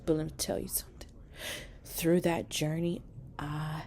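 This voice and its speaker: A woman self-filming a heartfelt motivational talk, speaking earnestly and often dropping to a hushed near-whisper. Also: deep voice, level tone, measured pace, long pauses, a little hiss or hum. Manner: earnest, heartfelt, swears, calls viewers y'all and baby. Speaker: motivational vlogger. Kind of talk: casual motivational talk to camera. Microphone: self-filmed with a selfie light.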